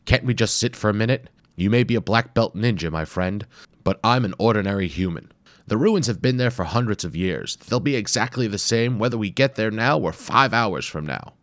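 A man's voice: lowish voice, animated, brisk, fairly bright tone, no room sound, voice pushed up. A man doing a grumbling, reluctant archaeologist. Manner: complaining, dry and reluctant. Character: grumbling overweight middle-aged male archaeologist.

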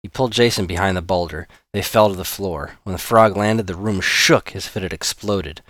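A man narrating an audiobook chapter in a steady storytelling manner. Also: sits low, brisk, dry recording, studio quality. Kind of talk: scripted narration.

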